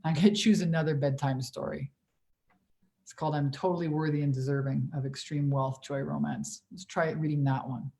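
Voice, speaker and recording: A woman's voice: low voice, fairly even intonation, moderate pace, vocal fry, warm tone. A woman in her forties, a business coach on a livestream Q&A, talking in a blunt, profane, emphatic way. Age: 40s.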